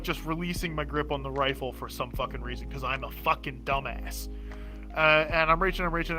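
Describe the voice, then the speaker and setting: Young man, podcast co-host, bright tense voice, slightly high pitch, animated, swears a lot, faint music behind. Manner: animated storyteller, swears freely, laughs at himself. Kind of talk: casual chat.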